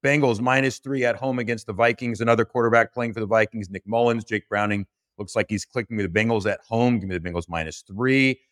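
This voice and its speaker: A man with a fairly low voice works through his sports picks one after another, brisk and chatty. He talks like a regular co-host among friends. The sound is dry and close-miked. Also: fairly even intonation, a bit bright, no echo. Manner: brisk, rattles off betting lines and picks. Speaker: podcast co-host. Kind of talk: casual podcast chat.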